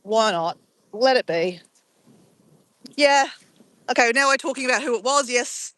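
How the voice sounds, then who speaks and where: A woman's voice: fairly high pitch, expressive, measured pace, a bit bright, no room sound, poor audio. A middle-aged woman chatting casually on a live stream from a phone held at arm's length, playful and giggly as she exclaims over camera filters. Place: outdoors near a beach.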